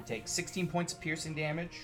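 A man's voice: a little high, little pitch movement, fairly quick, music in the background. A man running a tabletop game as game master, swearing and joking with his players. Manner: profane, laughing banter.

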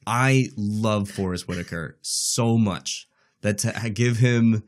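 Low-voiced man joking about films. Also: slow. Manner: animated, joking, many "like" fillers. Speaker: podcast co-host. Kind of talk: casual film discussion.

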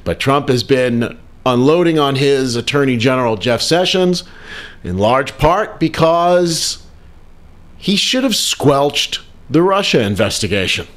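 A man's voice: mid-range voice, expressive, unhurried, fairly bright tone. A man hosting a political talk radio show, delivering news commentary with a wry, sarcastic edge.

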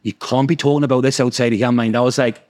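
A man with a Geordie accent telling a story in casual chat, animated and swearing freely as he acts out the voices of others. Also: mid-range voice, fast talker. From North East England. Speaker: podcast guest storyteller.

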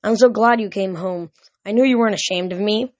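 A woman's voice: medium pitch, fairly quick, dry recording, lightly acted. A woman doing a dreamy, frail old mother. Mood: dotty. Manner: sweet, dreamy, wandering.

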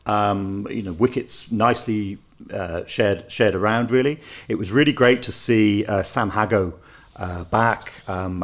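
A man co-hosting a cricket podcast in a relaxed chat, hesitant, with many fillers and restarts. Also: lowish voice. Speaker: podcast co-host. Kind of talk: casual sports chat.

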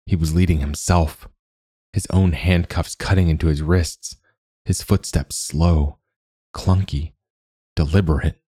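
A man narrating a dark fantasy audiobook in a measured, deliberate way. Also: low-pitched, steady tone, husky, no room sound.

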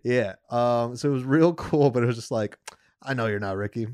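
A young man in casual chat, telling a story with lots of laughter and squeaky voices for the people he quotes. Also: a little fast, a little mellow, clean tone, no room sound.

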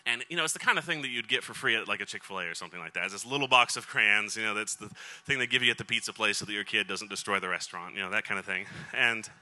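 A man's voice: fairly low pitch, very fast, bright, forceful tone. A middle-aged man telling a personal story in a sermon, chatty and rambling, with lots of fillers and dry self-deprecating humor. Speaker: speaker.

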